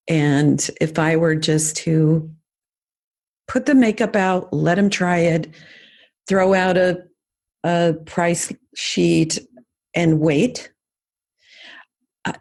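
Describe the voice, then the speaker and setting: A woman's voice: lowish voice, slow, vocal fry, pauses often. A middle-aged woman hosting a podcast, casually teaching sales lessons with enthusiastic coaching. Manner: warm enthusiastic coaching, lively demonstrations.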